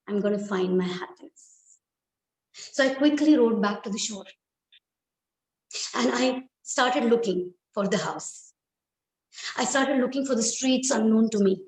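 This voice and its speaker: A woman telling a dramatic first-person story in a slow, deliberate, expressive way. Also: fairly high pitch. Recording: echoey room.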